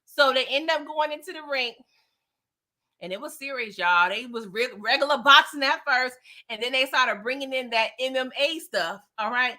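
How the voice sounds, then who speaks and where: A woman's voice: high voice, normal speed, bright, forceful tone. A woman casually recapping TV episodes for her viewers, chatty and slangy, talking straight to the audience. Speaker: TV show recap vlogger.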